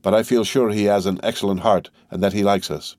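A man's voice: on the low side, fairly even intonation, a little fast, darkish tone, dry recording, studio quality, lightly acted. A man reading the part of an earnest young man in an audiobook, speaking with urgency.

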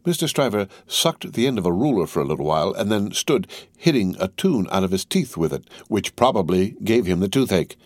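A man reading a classic novel aloud as narration, with measured, expressive storytelling. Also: low-pitched, no echo. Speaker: audiobook reader. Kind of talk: scripted narration.

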